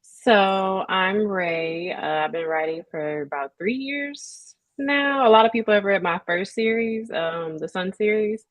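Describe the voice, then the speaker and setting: A woman author talking about her writing in a relaxed, easygoing manner as a guest. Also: mid-range voice, a little slow, hardly any pauses, dry recording, low-quality recording. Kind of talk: casual interview.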